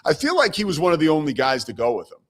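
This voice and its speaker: This man hosts a live sports talk show and tells stories with real animation, his voice swinging widely as he acts out the people he quotes. He sits a little high in pitch for a man. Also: wildly swooping pitch, rapid-fire. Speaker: show host. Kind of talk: casual sports radio chat.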